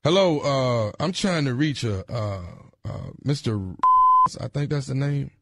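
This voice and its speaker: A man doing a gruff homeowner with a deep, low-pitched voice. He halts over his words with many uhs. The voice sounds dry and close. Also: lively intonation, measured pace, dry recording. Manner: hesitant, full of uhs. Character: gruff, upset male homeowner.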